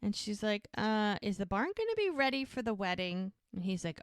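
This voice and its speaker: A woman co-hosting a podcast, retelling a TV episode in an animated, chatty way and quoting the characters. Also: medium pitch, normal speed, hardly any pauses, dry recording, studio quality. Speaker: podcast co-host. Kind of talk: casual recap of a TV episode.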